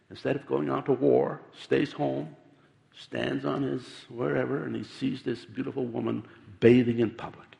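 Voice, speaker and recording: A man preaching a sermon in an animated, emphatic way, with many repeated restarts. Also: medium pitch, creaky. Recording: long reverb of a large hall.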